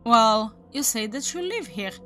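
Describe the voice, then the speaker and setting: A woman voicing a calm, mysterious demon hunter. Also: on the high side, a little slow, faint music behind. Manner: calm, polite, matter-of-fact.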